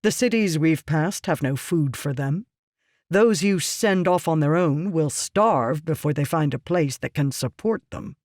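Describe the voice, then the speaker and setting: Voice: medium pitch, animated, a little slow, a little mellow, dry recording, studio quality, close to an everyday voice. A reader doing a ruthless, scheming merchant. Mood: lecturing. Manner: curt, lecturing, condescending. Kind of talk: audiobook character reading.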